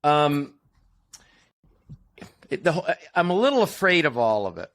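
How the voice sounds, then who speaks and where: A man's voice: on the high side, sing-song, moderate pace, fairly bright tone. American man hosting a casual chat. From United States. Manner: conversational, explains with asides and restarts. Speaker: podcast host.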